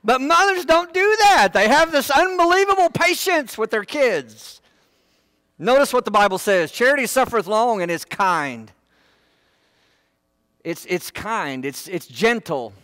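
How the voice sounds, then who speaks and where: A man's voice: very high voice, sing-song, unhurried, fairly bright tone, no echo. A man preaching a sermon in church, folksy and full of joking asides. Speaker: pastor.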